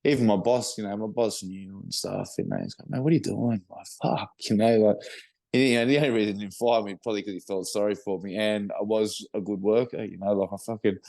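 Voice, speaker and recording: Low, dry-voiced Australian man. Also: steady tone, fast talker, warm tone, dry recording. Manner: rambling, heavy swearing and fillers. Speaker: guest in recovery. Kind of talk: casual podcast conversation.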